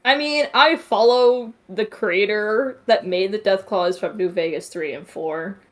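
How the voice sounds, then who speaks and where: A woman's voice: mid-range voice, a little slow. A woman guest in a casual podcast chat, blunt and swearing freely as she gives her opinions.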